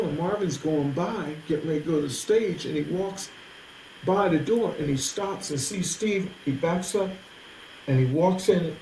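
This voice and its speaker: Older man, musician guest, vivid storyteller who does the voices; fairly high voice, echoey space. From New Jersey. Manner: animated storyteller, acts out quoted voices. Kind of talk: interview storytelling. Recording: roomy with faint noise.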